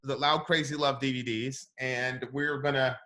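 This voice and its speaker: A man's voice: medium pitch, flat delivery, normal speed, bright, forceful tone. A man hosting a casual interview over a video call, chatty and easygoing, laughing often. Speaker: host.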